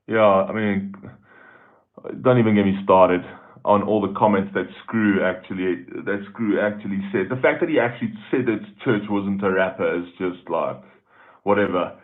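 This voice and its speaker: A man's voice: on the low side, moderate pace. A man with a South African accent hosting a casual live stream, chatting loosely and greeting viewers by name as he reads their comments. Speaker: YouTube host reading live chat. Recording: tinny phone-like audio.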